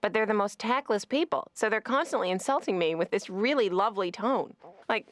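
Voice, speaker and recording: A comedian playing a self-mocking, chatty female therapy patient in an animated series, delivering a stand-up style monologue with brisk, wry storytelling. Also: medium pitch, close to an everyday voice.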